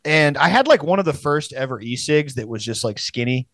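A man's voice: medium pitch, expressive, a little fast, a bit bright, no echo. A young man telling a rambling, profane story in casual podcast chat, laughing as he goes.

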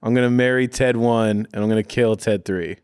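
A young man co-hosting a comedy podcast, tossing out quick teasing banter. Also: lowish voice, steady tone, darkish tone, smooth, dry recording, studio quality. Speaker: podcast co-host. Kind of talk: casual comedic chat.

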